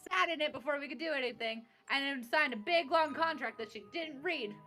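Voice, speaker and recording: A woman's voice: high-pitched, a little fast, bright, forceful tone, faint music behind. A young woman recapping a tabletop game session, bubbly and laughing as she acts out bits of dialogue. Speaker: player recapping a tabletop campaign. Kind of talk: casual recap chat.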